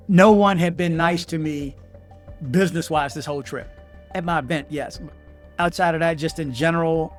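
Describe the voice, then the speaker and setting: A man telling a travel story in an unscripted vlog, in an animated way that swings to loud outbursts. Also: a little high. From Washington, D.C. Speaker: vlogger.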